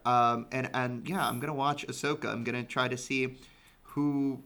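Young male co-host, husky vocal fry with a bright edge, hesitant and halting. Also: mid-range voice, level tone. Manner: hesitant, repeats words, restarts. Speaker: podcast co-host. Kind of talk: casual podcast discussion.

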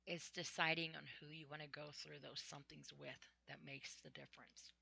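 Chatty woman with a bright dry voice. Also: low voice, vocal fry, no echo. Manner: chatty storytelling with frequent ums and laughs. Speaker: vlogger. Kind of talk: casual personal monologue.

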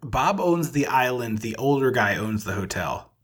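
A man co-hosting a podcast, speaking in a measured, analytical way during a casual movie discussion. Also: medium pitch, animated, fairly bright tone, slightly rough. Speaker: podcast co-host.

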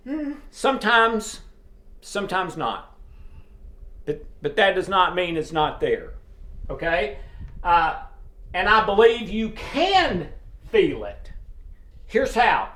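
A man giving an informal sermon, earnest and emphatic, with frequent pauses and fillers. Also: sits high, sing-song, fairly bright tone. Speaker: preacher. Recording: roomy echo.

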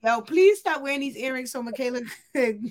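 A woman's voice: high voice, expressive, a little fast. A woman in casual chat, talking emphatically and joking.

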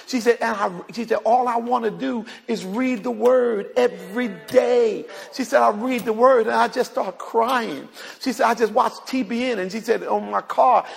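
A man's voice: very high-pitched, creaky, breathy edge, in a large hall. A male pastor, preaching and retelling a conversation, repeating words as he addresses the congregation in a church. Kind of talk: sermon storytelling. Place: church sanctuary.

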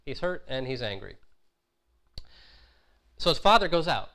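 A man gives a sermon in an informal, talky manner, with a voice of ordinary middle pitch. He stumbles over fillers and restarts now and then, and he slips into little voices for the people he quotes. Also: big pitch swings, unhurried, sharp tone. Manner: conversational, with frequent fillers and restarts, acting out quotes. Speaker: preacher.

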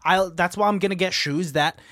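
A man's voice: sits high, a little fast, fairly bright tone, dry recording, studio quality. A man hosting a podcast, chatting casually and teasing his guests in a rambling way. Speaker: podcast host. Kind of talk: casual chat.

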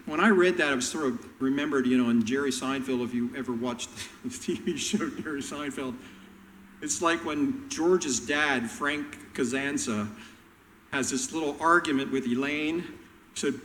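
A man preaching a sermon, telling Bible stories and acting out the characters' lines with animated voices. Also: medium pitch, normal speed, big-room sound, poor audio. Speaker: pastor.

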